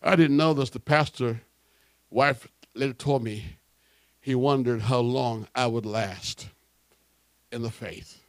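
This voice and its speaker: A man preaching a sermon, telling his conversion story and building from quiet storytelling to shouted fervor. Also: mid-range voice, slow, long pauses, no echo. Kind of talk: sermon testimony.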